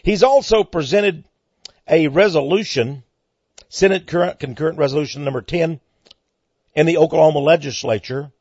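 A man hosting a monologue commentary, speaking emphatically and climbing into excited outbursts, on a dull lo-fi recording. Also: a little high, normal speed, breathy edge, no echo. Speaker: commentary host.

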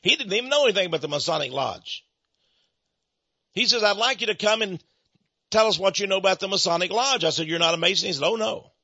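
Male speaker, American, dry husky delivery, plays every character in his anecdotes. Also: sits high, fast talker, no echo. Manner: animated, acts out both sides of conversations. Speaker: Christian speaker on Freemasonry. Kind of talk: storytelling sermon talk. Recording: dull muffled lo-fi recording.

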